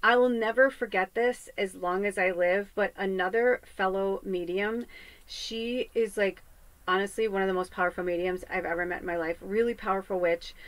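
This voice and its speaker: A woman's voice: medium pitch, fairly even intonation, moderate pace, no echo, poor audio. A woman medium from the US West Coast talking in a casual spiritual monologue, rambling and chatty, swearing freely. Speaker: psychic medium. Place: home podcast set.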